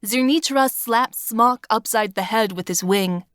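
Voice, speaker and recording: A woman narrating a first-person fantasy audiobook with measured, steady storytelling. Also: a little high, no room sound, studio quality.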